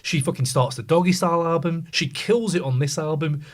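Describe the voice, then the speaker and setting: Man on a podcast panel, fairly high voice, emphatic and sweary in casual debate. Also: a little fast. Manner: animated, emphatic, swears freely.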